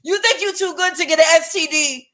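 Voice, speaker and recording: A woman voicing a brash foreign man who scolds and boasts, using a mocking, exaggerated put-on accent in a high voice. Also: a little fast, bright, forceful tone. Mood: indignant.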